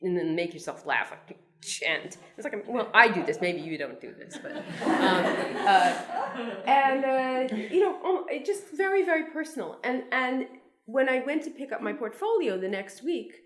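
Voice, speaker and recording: A Brooklyn, New York cartoonist in her sixties, speaking as a guest to an audience, tells wry, meandering, self-deprecating anecdotes full of restarts and asides. Her voice is a little high and very animated, at normal speed.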